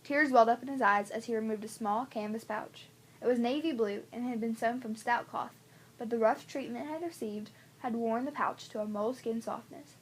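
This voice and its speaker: A woman reading a novel aloud, unhurried and gentle, with small slips now and then. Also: a little high, slight background noise. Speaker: audiobook reader. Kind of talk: audiobook narration.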